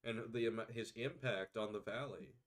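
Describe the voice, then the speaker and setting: A man's voice: on the low side, fairly even intonation, moderate pace. A man co-hosting a casual podcast chat, mostly agreeing and often restarting his thoughts. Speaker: podcast co-host. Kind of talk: casual chat reacting to a video.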